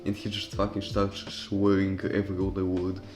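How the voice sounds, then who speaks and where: A man's voice: low-pitched, completely flat delivery, normal speed, over music. A young man casually telling a personal story over gameplay, profane and rambling, with loose restarts. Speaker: storytime commentary YouTuber.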